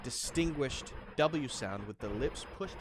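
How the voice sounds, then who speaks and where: Man teaching pronunciation, lively pitch. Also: noisy background. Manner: demonstrates sounds by repeating words slowly. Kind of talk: pronunciation lesson.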